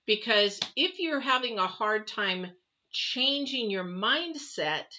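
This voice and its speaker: A woman's voice: on the high side, lively intonation, slow, pushed and bright. A woman giving a casual spoken tarot reading, rambling through advice with many fillers. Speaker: tarot reader. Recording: dull lo-fi audio.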